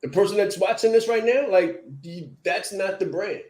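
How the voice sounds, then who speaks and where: Animated male podcast host, echoey. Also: sits high, normal speed. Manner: animated, repeats key lines for emphasis. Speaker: podcast host and brand coach. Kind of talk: motivational podcast talk.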